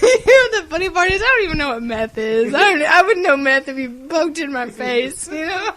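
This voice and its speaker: A woman's voice: high-pitched, animated, a bit bright, slight background noise. A woman co-hosting a gaming podcast, laughing often while she builds on jokes in casual chat. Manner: laughing, unhurried, piling onto jokes. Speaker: podcast co-host.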